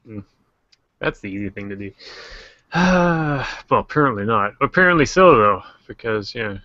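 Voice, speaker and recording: A man hosting a casual livestream discussion, joking and animated. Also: mid-range voice, moderate pace, dry recording, muffled recording. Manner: joking, animated, quotes characters in silly voices. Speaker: host.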